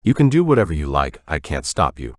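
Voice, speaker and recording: Guy doing a cranky old navy vet in his nineties, super deep gravelly-low voice, dry close sound. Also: sing-song, fairly quick, no room sound, full character voice. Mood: grumbling. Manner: crotchety, prickly. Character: frail cantankerous 91-year-old navy veteran man.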